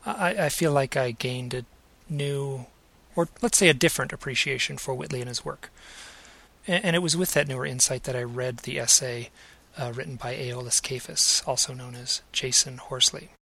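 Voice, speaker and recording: A middle-aged man hosting a podcast, introducing an episode in a measured, cautious way with many hesitations and restarts. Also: mid-range voice, vocal fry, bright, forceful tone. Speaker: podcast host. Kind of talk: reflective spoken introduction.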